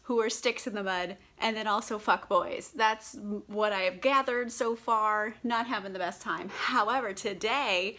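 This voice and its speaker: A woman's voice: medium pitch, measured pace, hardly any pauses, pushed and bright. A woman casually reviewing a book while tipsy on wine, chatty and giggly with lots of fillers and swearing, recorded on a camera set on a tripod. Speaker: book vlogger.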